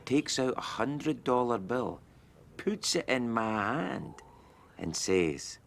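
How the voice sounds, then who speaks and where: An actor playing a boastful old ex-stuntman telling a story slowly in a sitcom clip. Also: medium pitch, very animated, gravelly, exaggerated voice. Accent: Scottish. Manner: slow, dramatic storytelling.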